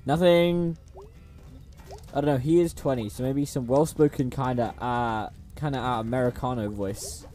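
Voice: mid-range voice, steady tone, normal speed, hardly any pauses, dark tone, soft background music. A streamer chatting casually over a story game, reading the characters' lines aloud in playful voices and swearing in slangy asides. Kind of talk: casual gaming livestream commentary.

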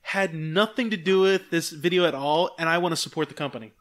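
A man on a casual podcast tells a story with a lot of energy and acts out every voice in it. His voice sits high for a man, and he swears freely as he gets wound up. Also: fairly quick, a bit bright. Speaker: podcast co-host. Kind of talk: casual chat.

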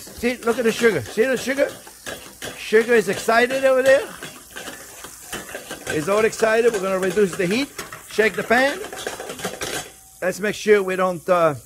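A man with a fairly high voice runs a cooking demonstration from his kitchen. He chats and jokes as he goes and keeps calling the viewers his friends, with a pan sizzling faintly behind him. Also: background noise. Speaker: cooking show host, chef.

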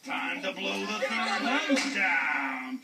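A goofy cackling Big Bad Wolf. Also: male voice, sits high, big pitch swings, gravelly, far from the mic, over a noisy crowd, exaggerated voice, poor audio. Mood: chummy. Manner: cackling, drawn-out, showy. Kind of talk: children's puppet show acting.

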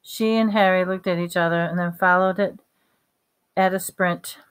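A woman reading a novel aloud at a steady pace, with small slips and restarts. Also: lowish voice, normal speed, clean tone. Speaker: reader.

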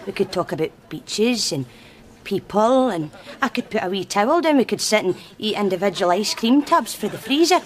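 A Scottish actress playing a lonely, clingy shop assistant who flirts and pleads with a customer. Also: female voice, mid-range voice, lively intonation, normal speed, a faint crowd, lightly acted. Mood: pleading. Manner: wheedling, suggestive, pleading.

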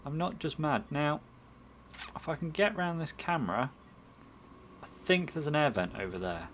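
Man, let's play commentary, higher voice, lively swooping pitch, self-mocking rambles. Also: moderate pace, slight background noise. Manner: rambling, self-mocking chatter, muttering at the game. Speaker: gaming channel host.

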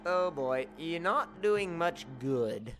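Slow, animated young man teasing a friend. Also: on the high side, a little hiss or hum. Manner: teasing, exasperated, laughs a lot. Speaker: gaming channel host. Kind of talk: casual gameplay chat.

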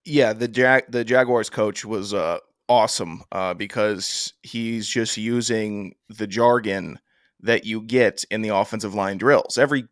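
A man co-hosting a football podcast in a casual chat, teasing his co-host and acting out coaches' shouts. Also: fairly low pitch, a little slow, smooth, no echo, clean studio sound.

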